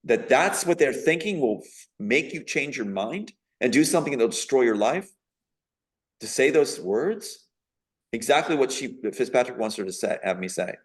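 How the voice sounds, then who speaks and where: A man's voice: medium pitch, animated, moderate pace. A man being interviewed as a guest, giving a long, rambling personal account in an emphatic, indignant tone with frequent fillers.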